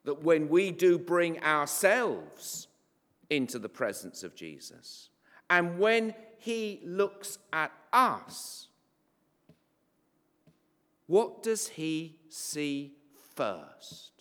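A man delivers a sermon in a chatty, wry manner, full of asides. His measured delivery moves through a lively, swooping pitch. The voice rings with the long reverb of a large church. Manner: conversational, wry, with asides and fillers. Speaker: preacher.

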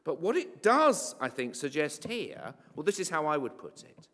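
A man's voice: on the high side, sing-song, normal speed, a bit bright. A man preaching a sermon in a conversational, wry way, with asides and fillers. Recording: long hall reverb.

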